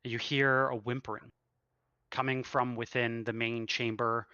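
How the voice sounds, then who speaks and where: A man narrating a tabletop game as dungeon master, pausing often to search for words, heard over a dull, lo-fi online call. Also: mid-range voice, level tone, pushed and bright, clean tone, no room sound.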